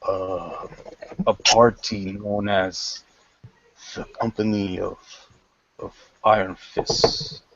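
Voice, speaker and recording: A man's voice: on the low side, flat delivery, drawn-out words, fairly bright tone, a little hiss or hum, full character voice. A man voicing a loyal armored male servant who reports to his mistress in a formal, subdued manner, on a dull lo-fi recording. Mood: reporting.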